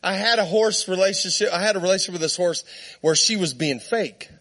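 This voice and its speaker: A man preaching with a strikingly high voice that rings bright and forceful. He tells a comic story in his sermon and keeps it lively, laughing as he goes. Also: a little fast.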